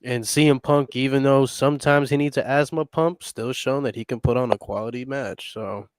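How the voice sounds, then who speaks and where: A man on a podcast mic talks through his view of a wrestling match in a casual, opinionated way. His voice sits at an ordinary pitch, recorded close and dry with no room sound. He builds his argument step by step. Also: normal speed, clear, resonant tone, no room sound. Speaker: podcast co-host.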